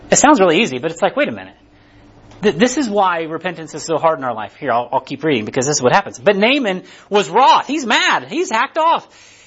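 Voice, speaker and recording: Casual preacher, male, high-pitched, chatty retellings that build to forceful emphasis; muffled lo-fi audio. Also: husky. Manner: conversational, acts out characters, builds to emphatic peaks. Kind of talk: casual sermon with Bible reading. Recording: dull lo-fi sound.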